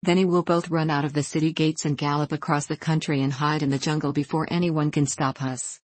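A woman voicing an old, hungry male tiger in a storybook, drowsy and gruff. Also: deep voice, little pitch movement, brisk, darkish tone, no echo. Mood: scheming. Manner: drowsy, gruff growling talk.

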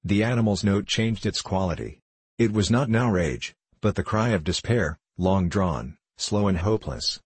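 Deep, husky male narrator. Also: animated, moderate pace, dry recording. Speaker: audiobook narrator. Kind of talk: scripted narration.

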